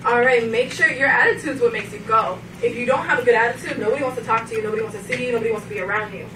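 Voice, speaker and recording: A young woman giving an emotional farewell speech to her trainee group, laughing often and animated. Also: fairly high pitch, racing. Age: young adult. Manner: laughing often, animated, breaks into quoted voices. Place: large meeting room. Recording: echoey room from far off, noisy.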